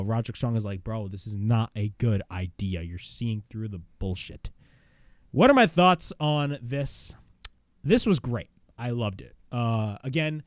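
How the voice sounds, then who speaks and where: A man's voice: mid-range voice, a little mellow, no echo, studio quality. A man reviewing a wrestling show in casual chat, recapping moves play by play and swearing bluntly.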